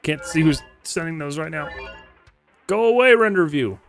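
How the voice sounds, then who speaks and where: A man's voice: fairly high pitch, lively intonation, moderate pace, creaky. A man chatting casually on a live stream, rambling and joking while reading chat aloud. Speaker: livestreamer. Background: music playing on stream.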